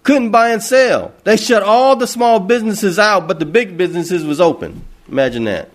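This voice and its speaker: A man's voice: high-pitched, normal speed. A man preaching an impassioned sermon, asking rhetorical questions and repeating phrases for emphasis.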